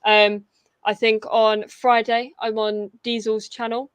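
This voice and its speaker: A woman's voice: a little high, flat delivery, takes it slowly, clean tone, no echo. Brief: young female stream host, chatty, fillers, slightly worn voice, dry close sound. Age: young adult. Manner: chatty, upbeat, full of fillers and restarts. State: losing her voice. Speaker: fan channel host. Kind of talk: casual fan livestream chat.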